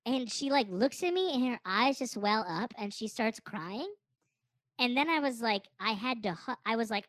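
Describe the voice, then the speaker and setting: A woman's voice: fairly high pitch, normal speed, dry recording. A woman co-hosting a podcast who tells a rambling, jokey story, often cutting herself off and restarting. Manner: rambling, animated, jokey, self-interrupting. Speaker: podcast co-host. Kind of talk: casual comedic storytelling.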